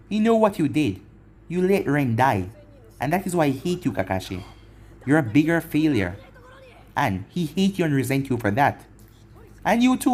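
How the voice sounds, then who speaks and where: A man voicing a vengeful young ninja who taunts slowly and coldly, in a fan-made anime story reading. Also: fairly high pitch, a little mellow. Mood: taunting. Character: vengeful young man Naruto, cold and mocking.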